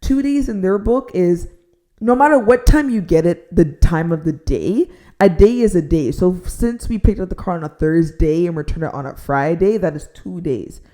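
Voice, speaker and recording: A young adult woman telling a frustrated storytime rant, filling her talk with "like" and dropping to a near-whisper so she won't shout. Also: fairly low pitch, moderate pace. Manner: exasperated, heavy use of "like", drops to a near-whisper to avoid shouting. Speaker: storytime vlogger.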